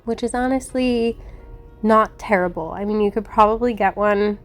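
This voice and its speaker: A woman's voice: mid-range voice, normal speed. A young woman chatting casually as a plant vlogger, giggly and filling her talk with "like", with faint music playing behind her. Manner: upbeat voice-over narration. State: slightly out of breath. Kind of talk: casual vlog chat. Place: inside a parked car; voice-over booth, not on location.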